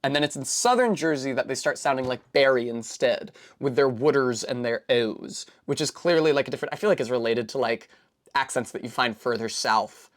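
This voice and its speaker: A woman's voice: very deep voice, a little fast. Chatty woman streamer from new england, rambles on and on, lots of uh and like, fixes her words mid-sentence. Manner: rambling, digressive, chatty explainer; full of fillers and self-corrections. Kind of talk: casual chat while building a Lego set.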